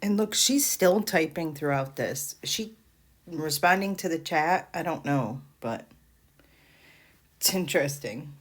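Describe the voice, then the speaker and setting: A woman commenting on video clips in a measured, analytical way. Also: low-pitched, lively intonation.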